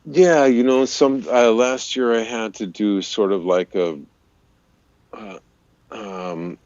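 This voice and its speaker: A man, a voice-over artist and radio DJ, chatting in an interview and explaining voice technique in an easy way, with a deep, resonant voice. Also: fairly even intonation, takes it slowly, a little mellow, dry recording, dull audio. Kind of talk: casual interview chat.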